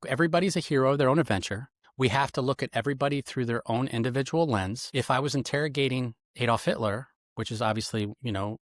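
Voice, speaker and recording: A middle-aged man, a retired federal agent, explaining interrogation methods in an interview with lively, instructive emphasis. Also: medium pitch, no room sound, studio quality. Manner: animated, instructive, acts out quoted lines.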